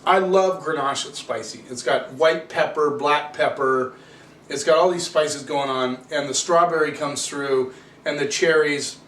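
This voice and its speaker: A man's voice: fairly high pitch, a little slow, a bit bright. A man casually reviewing wines, chatty and opinionated, ranting with rhetorical questions. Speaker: wine reviewer. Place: home room with cameraman. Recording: echoey room, distant camera mic, faint hiss.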